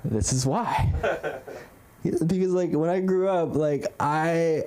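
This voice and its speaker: A man's voice: on the high side, takes it slowly, noisy background. A young man doing a stand-up set at an open mic, rambling and self-deprecating, with lots of fillers. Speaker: stand-up comic. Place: comedy club stage.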